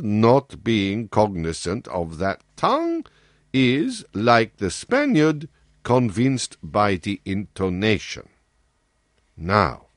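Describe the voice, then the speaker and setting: Male reader doing a cool-headed amateur detective; deliberate, professorial delivery, slow pace, dry close sound. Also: medium pitch, no room sound, full character voice. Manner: measured, lecturing, reasoning step by step. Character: sharp-minded male amateur detective, calm and analytical. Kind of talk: audiobook character reading.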